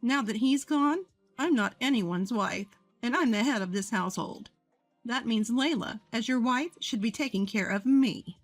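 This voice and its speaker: A woman's voice: on the high side, normal speed, faint music behind. A woman voicing a bossy, entitled older mother-in-law in a storybook narration, speaking in a nagging, demanding way. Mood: indignant.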